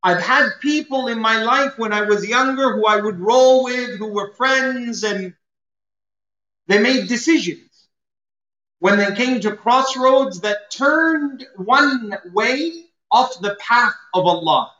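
A man delivering a sermon in a bright, forward voice that rings through a roomy space. He explains Arabic terms and acts out everyday scenes. The sound is a little dull and muffled. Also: very high voice, slow pace. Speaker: preacher.

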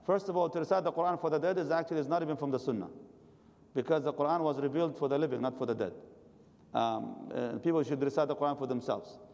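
A man's voice: a little high, fast, vocal fry, darkish tone, big-room sound. A man giving a religious lecture and answering questions from the audience, advising his listeners directly. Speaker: religious teacher.

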